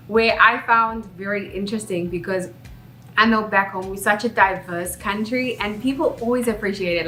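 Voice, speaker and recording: In a chatty, reflective vlog, a young South African woman talks candidly with a medium-pitched voice that comes across pushed and bright. Her recording has a roomy echo and faint background music.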